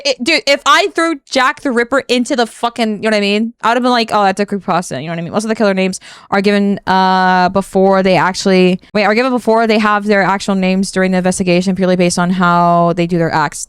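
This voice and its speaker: A woman's voice: mid-range voice, steady tone, fast talker, clear, resonant tone, dry recording, clean studio sound. A young woman streaming a casual reaction commentary, exasperated and rambling, swearing often and breaking into laughs.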